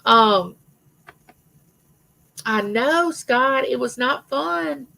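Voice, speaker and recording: A woman's voice: high voice, expressive, extremely slow, vocal fry, sharp tone, rough recording. A middle-aged woman hosting a casual live chat with her viewers, telling rambling personal stories. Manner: chatty, rambling storyteller, greets viewers by name. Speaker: livestream host.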